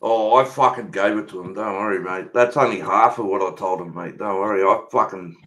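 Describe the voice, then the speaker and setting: A man's voice: fairly low pitch, a little fast, a crowd in the background. An Australian man with an Australian accent, telling a story bluntly and swearing freely as a co-host in a casual chat. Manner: blunt, swears freely, retells calls in a mocking voice.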